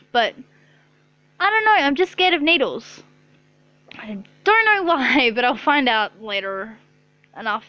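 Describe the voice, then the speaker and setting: Talking into her own camera from her bedroom, this young vlogger rambles through a story, cursing a lot and leaning heavily on "like." Her voice sits high with a sharp tone, and the highs of the recording are cut off.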